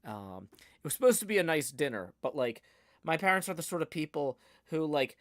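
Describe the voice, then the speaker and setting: A man's voice: on the high side, very animated, a little fast, a bit bright, no echo, clean studio sound. A man, likely in his forties, hosting a live stream in casual, rambling chat full of fillers and easy laughs. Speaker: livestream host. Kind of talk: casual chat while building.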